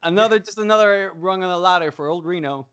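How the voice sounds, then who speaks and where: A man's voice: high-pitched, fast, a bit bright, clear, resonant tone. A man co-hosting a casual podcast, joking, swearing freely and laughing often. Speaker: podcast co-host. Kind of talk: casual chat.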